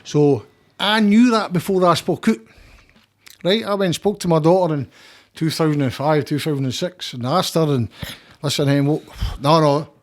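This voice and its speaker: A man's voice: fairly high pitch, normal speed. An older Scottish man talking as a podcast guest, blunt and rambling, with frequent swearing. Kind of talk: casual conversation.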